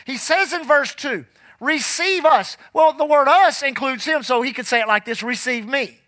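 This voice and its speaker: A man preaching a sermon in a folksy, emphatic way, slowing down to read scripture aloud. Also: very high voice, pushed and bright, no echo. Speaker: pastor.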